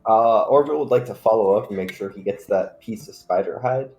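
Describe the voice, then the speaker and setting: A man's voice: lowish voice, a little fast, darkish tone, echoey room, faint music behind. A man playing a tabletop game who speaks hesitantly and stumbles over his words. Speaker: player.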